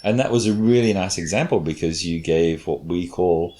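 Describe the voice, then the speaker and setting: A man's voice: low-pitched, moderate pace, warm tone. A man, a cognitive scientist, explaining his experiments patiently in a casual chat and demonstrating intonation.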